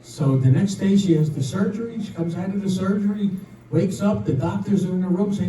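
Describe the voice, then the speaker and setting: A man's voice: high voice, fairly quick, dark tone, a little hiss or hum. An older man telling jokes stand-up style, chatty and driving toward each punchline, laughing along at his own jokes. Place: community room at a senior residence. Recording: echoey room, mic at a distance.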